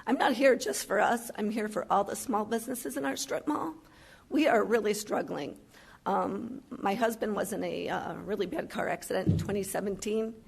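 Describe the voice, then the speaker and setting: A woman from Chicago who owns a restaurant, speaking emotionally and earnestly at a county meeting, halting often with fillers. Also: medium pitch, gravelly, breathy edge. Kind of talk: public comment at a county meeting.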